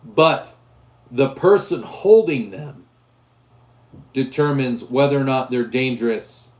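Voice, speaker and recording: Hoarse, rambling gun-channel host, echoey room. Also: male voice, mid-range voice, slow, darkish tone. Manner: rambling, with frequent restarts and fillers. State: hoarse, losing his voice. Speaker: gun channel host reading live chat. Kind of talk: casual livestream chat.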